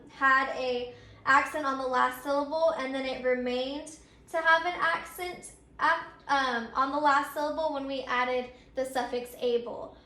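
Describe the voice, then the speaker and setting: A woman teacher with a high, bright and forceful voice walks through grammar step by step in a recorded lesson. She repeats her points and says um often, and the room sounds echoey.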